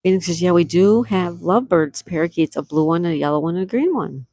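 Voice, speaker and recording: A woman's voice: on the low side, expressive, a little fast, no room sound, clean studio sound. A middle-aged woman hosting a casual outdoor livestream, reading viewer comments aloud and thanking them with sweet exclamations. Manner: soft-spoken with sweet exclamations. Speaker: livestream host. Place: outdoors near calm water.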